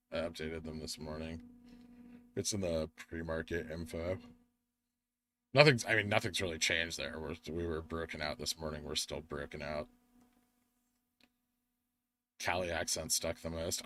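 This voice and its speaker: A young American man with a very low voice hosts a live stream. He sounds tired and talks in a loose, rambling way, answering the chat as he goes through the charts. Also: normal speed, a bit bright. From United States. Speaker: livestream host.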